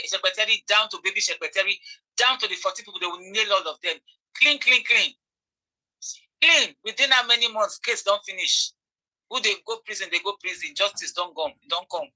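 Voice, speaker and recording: A woman's voice: medium pitch, sharp tone, low-quality recording. A Nigerian woman giving impassioned commentary, repeating phrases for emphasis and pleading with her audience. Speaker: online commentator.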